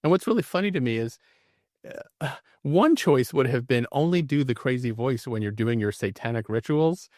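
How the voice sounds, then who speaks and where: On a podcast, a male co-host gets animated and laughs while casually chatting about a bad horror movie, telling lively stories. He has a medium-pitched voice at normal speed, in studio quality without room sound.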